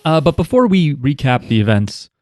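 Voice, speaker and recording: A man's voice: a little high, very animated, moderate pace, a little mellow. A man hosting a casual podcast, joking and rambling, swearing freely. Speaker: podcast host.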